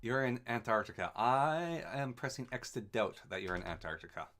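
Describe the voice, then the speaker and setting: A man from Canada talks casually while streaming a game, rambling through replies to his chat with dry, wry asides. His voice sits at a middling pitch but swings up and down with plenty of life. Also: animated, normal speed, a bit bright. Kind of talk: casual chat while gaming, answering live chat.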